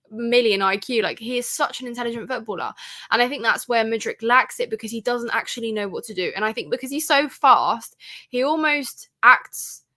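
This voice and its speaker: A young woman chats through a livestream, emphatic and full of fillers. Her voice sits a little high and rings bright and forceful. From North London. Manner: chatty and emphatic, many fillers. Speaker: livestream host. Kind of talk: casual livestream chat.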